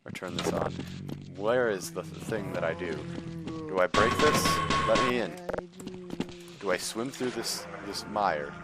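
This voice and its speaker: A young man giving jokey, excitable commentary while playing a video game, talking back at the enemies on screen. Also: sits low, measured pace. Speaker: gaming YouTuber. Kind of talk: let's play commentary. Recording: loud game music over voice.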